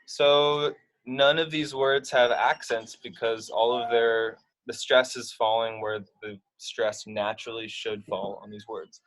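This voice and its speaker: A man's voice: medium pitch, steady tone, unhurried, fairly bright tone, poor audio. A man teaching Spanish verb conjugation to children, patiently explaining step by step with frequent fillers. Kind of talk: explaining grammar to young students.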